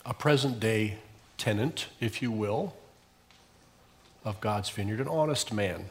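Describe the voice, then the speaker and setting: Male pastor, church sermon, swells and falls, story-led. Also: a little slow. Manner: storytelling preacher, swelling louder on key phrases and dropping low at ends.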